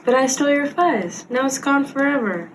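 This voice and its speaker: A woman reading aloud, voicing a male prairie dog who is a bossy watchdog, in a raised, shouting voice. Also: high voice, lively intonation, moderate pace, recorded from a distance, slight background noise, pitched above the performer's own voice, rough recording. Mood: remorseful.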